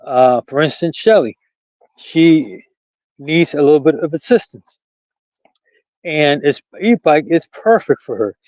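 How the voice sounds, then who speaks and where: Out on a rural trail, a chatty, rambling vlogger talks into his camera for a casual walking vlog, laughing easily. His voice is a little high for a man, with a darkish tone; he's expressive and unhurried, leaving long pauses. The sound is dull and lo-fi, dry and close, with no room around it.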